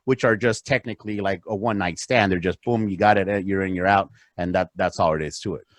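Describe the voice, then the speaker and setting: A man's voice: fairly quick, no echo. Guy on a podcast telling stories, voice jumps up and down a lot, dry close mic. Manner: animated storyteller, acts out dialogue, big swings in pitch. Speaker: podcast guest, real estate investor. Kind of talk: casual chat.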